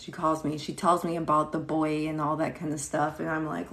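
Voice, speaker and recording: A woman's voice: low voice, level tone, a little fast, vocal fry, a bit bright. A woman in her thirties telling a story casually on a livestream, chatty, greeting viewers by name between sentences and acting out what others said. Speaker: livestream host. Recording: echoey room.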